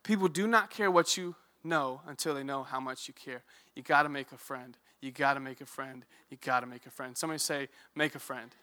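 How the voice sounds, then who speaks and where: A young man preaching a sermon in a church, telling stories in a lively, conversational way with joking asides. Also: mid-range voice, fairly quick, few pauses. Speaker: youth ministry director. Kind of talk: sermon with storytelling. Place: church sanctuary.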